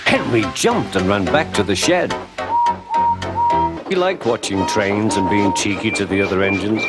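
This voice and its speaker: A man narrating a scripted children's storybook series in a gentle storytelling manner, with music behind. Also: fairly low pitch, a little slow. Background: background music.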